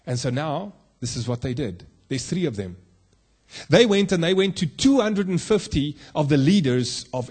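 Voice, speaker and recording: A man's voice: fairly high pitch, a little mellow, breathy edge. A man preaching a sermon, emphatic and full of rhetorical questions to the congregation, from South Africa.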